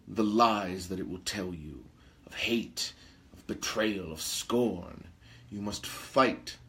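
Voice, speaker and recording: A man playing a pompous, theatrical aristocratic male vampire lord who hosts a talk show, with grandiloquent speech and gossipy asides. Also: low voice. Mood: solemn. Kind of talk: in-character role-play talk show.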